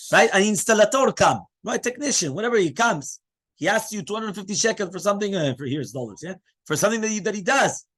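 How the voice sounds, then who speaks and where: A man, a rabbi, giving a lively Torah class in English mixed with Hebrew terms. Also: sits high. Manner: animated teaching, mixing English with Hebrew terms.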